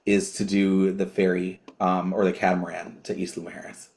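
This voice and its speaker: A man's voice: deep voice, little pitch movement, normal speed, darkish tone. A man co-hosting a podcast, talking casually with many fillers and restarts. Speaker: co-host.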